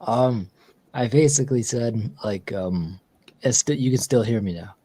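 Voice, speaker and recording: A man's voice: medium pitch, measured pace, warm tone, slightly rough, no echo, poor audio. A man streaming casually, telling a long story with lots of fillers and restarts. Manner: rambling storyteller with many fillers. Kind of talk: casual live-stream chat.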